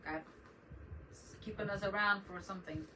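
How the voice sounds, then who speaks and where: Middle-aged woman, casual live-stream host, rambling and talkative, mid pitch, distant mic. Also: fairly even intonation, normal speed. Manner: rambling, chatty, greets viewers by name. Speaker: crafting channel host. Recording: distant mic with noticeable background noise.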